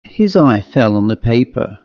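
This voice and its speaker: A man narrates a ghost story in a steady, measured way. His voice is mid-pitched. The recording is dry, close and somewhat dull. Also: no echo. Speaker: audiobook narrator. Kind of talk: scripted narration.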